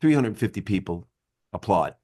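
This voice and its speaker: A man, an actor and comedian, telling animated, joking stories in casual chat. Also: lowish voice, moderate pace.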